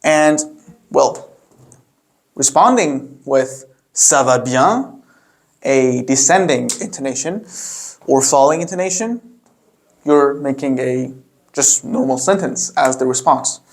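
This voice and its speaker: A man's voice: mid-range voice, takes it slowly, creaky, pauses often. A young man teaching a beginner language lesson in a patient, casual way, with many fillers. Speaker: French teacher.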